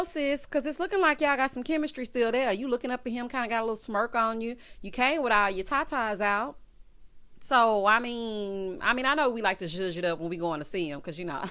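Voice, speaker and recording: A woman's voice: a little high, fairly quick, fairly bright tone. A woman vlogger giving a casual, sassy recap commentary, calling people "honey" and "child".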